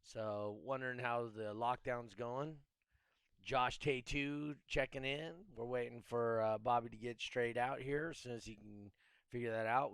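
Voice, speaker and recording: A man hosts a live chat show and greets viewers one by one, filling gaps with ums. His voice is smooth and resonant at a middle pitch. The sound is dry and close. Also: dry recording. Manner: relaxed, reads viewer names with fillers. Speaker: host. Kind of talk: casual live-stream chat.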